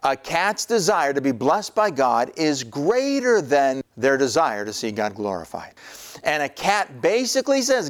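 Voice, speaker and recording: A man's voice: on the high side, sing-song, unhurried. A male preacher teaching in an emphatic sermon style, repeating key lines and slipping in jokes. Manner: emphatic, repetitive, jokey.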